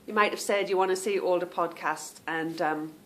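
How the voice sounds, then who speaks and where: A woman's voice: fairly low pitch, fairly even intonation, moderate pace, a bit bright. A woman hosting a knitting podcast, chatting casually to viewers, rambling off on tangents and stumbling over unfamiliar names.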